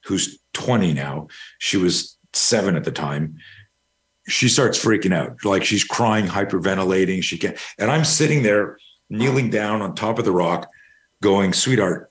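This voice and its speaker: List: man, middle-aged, lowish voice, rambling anecdotal interview guest, casual swearing. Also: animated, measured pace. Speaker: guest, fear management expert. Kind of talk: storytelling interview.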